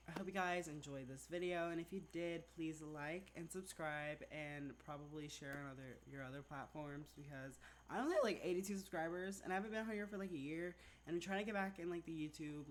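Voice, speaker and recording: A vlogger telling a story in casual storytime-vlog chat, rambling and animated, packing in "like" constantly. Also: medium pitch, moderate pace, slight background noise. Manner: rambling, filler-heavy, says "like" constantly; chatty, animated retelling.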